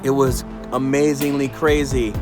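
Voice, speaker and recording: A man recounting his family's story in a steady, plain way, speaking as the father. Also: mid-range voice, unhurried. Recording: loud guitar music behind.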